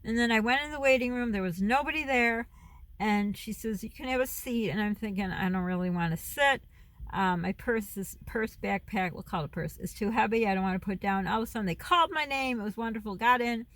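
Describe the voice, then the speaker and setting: Here a middle-aged mom who vlogs rambles casually to her phone camera, drifting off topic, losing her thread and frequently laughing. Her pitch is fairly high, her tone a bit bright, and her pace a little fast.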